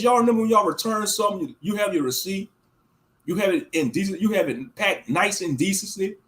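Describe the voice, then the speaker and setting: Man, livestream host, slangy heated rant, high voice, swinging pitch. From Louisiana, USA. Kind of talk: casual ranting commentary.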